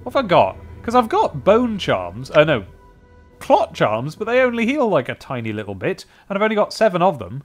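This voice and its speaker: Male let's-player, lively swooping voice, muttering asides, soft game music under. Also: high voice, normal speed. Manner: chatty, self-mocking, muttering to himself. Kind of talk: casual game commentary and reading aloud.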